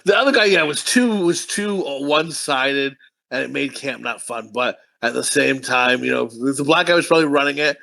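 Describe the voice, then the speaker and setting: Bright gravelly man, rambling and profane. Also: medium pitch, moderate pace. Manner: rambling storyteller, profane, laughs often. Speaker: podcast co-host. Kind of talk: casual movie review chat.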